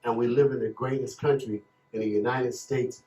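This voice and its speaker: A man in his fifties from Chicago, giving emotional, preacher-like testimony as a panel speaker with slow emphatic phrases. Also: medium pitch, fairly even intonation, dark tone, slight background noise. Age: 50s. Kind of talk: impassioned testimony. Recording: echoey room, dull lo-fi sound.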